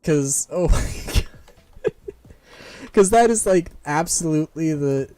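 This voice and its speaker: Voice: medium pitch, expressive, slow, warm tone, no room sound. A streamer and voice actor chatting casually during a live game stream, rambling, often restarting sentences and laughing. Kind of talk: casual live-stream chat while playing. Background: faint game music and keyboard typing.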